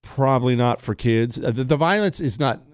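A man's voice: mid-range voice, expressive, normal speed, clean tone, dry recording. Male radio host, young adult, joking banter, dry close studio mic. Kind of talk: casual radio talk.

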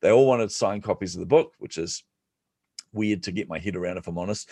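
Man, podcast guest, deep voice, dry close sound, animated self-deprecating storyteller. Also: a little fast, no echo. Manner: animated, acts out quoted voices; self-deprecating humor, frequent laughs. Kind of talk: storytelling in an interview.

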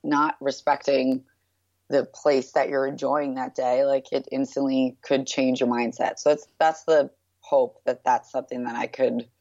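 A woman's voice: rumbling low, level tone, unhurried, darkish tone, dry recording. A woman in her thirties from New York, guest in an interview, talking in a chatty, upbeat way with many filler words. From New York, USA. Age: 30s. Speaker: guest, brand founder. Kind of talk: casual interview chat. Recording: dull, lo-fi and dry.

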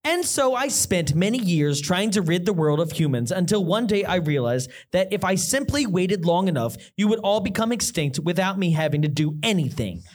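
Animated host reading reviews aloud. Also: moderate pace, few pauses. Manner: animated, mock-dramatic reading with swooping pitch. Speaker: podcast host.

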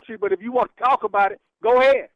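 Guy on a muffled phone line talking back, higher voice, dry. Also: quick pace, a little hiss or hum. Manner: defiant, dismissive, Southern slang. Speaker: prank call target. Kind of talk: phone call argument.

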